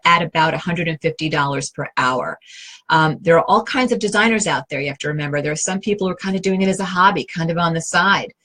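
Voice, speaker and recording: A woman's voice: on the low side, bright, forceful tone, low-quality recording. A middle-aged woman with a New York accent, an interior design advisor answering viewer questions in a chatty, direct way with many fillers and restarts.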